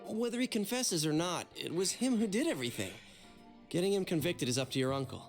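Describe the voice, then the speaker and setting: Yosuke, a brash teen. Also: male voice, high voice, brisk, over music. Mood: serious. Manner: excitable, blunt. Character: brash, loyal teenage boy sidekick. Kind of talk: English video game dub.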